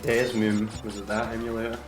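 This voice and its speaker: A man's voice: lowish voice, completely flat delivery, a little fast, music in the background. A man in a game's voice chat, chatting with short remarks and questions. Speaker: player in voice chat. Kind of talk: casual gaming chat. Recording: echoey room mic.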